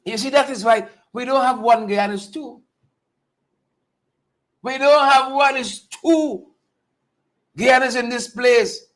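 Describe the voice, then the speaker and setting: A man hosting a live political talk show, talking straight to viewers in a mocking, animated way. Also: very high voice, slow, pauses often. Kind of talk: casual live-stream commentary.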